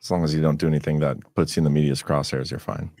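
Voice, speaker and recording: Deep-voiced man hosting a podcast. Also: steady tone, very fast, darkish tone, dry recording, studio quality. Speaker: podcast host. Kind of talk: casual chat.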